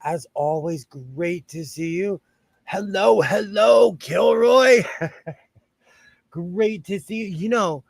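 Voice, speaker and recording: A man's voice: a little high, fairly bright tone, dry recording. A middle-aged man with a Southern Californian accent hosts a casual sewing livestream, greeting viewers by name.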